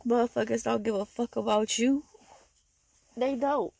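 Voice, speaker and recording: A woman's voice: fairly high pitch, fairly even intonation, normal speed, creaky, mellow, husky, no echo. A tired woman venting in a bitter, profane monologue with heavy sighs, talking into her phone. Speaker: vlogger.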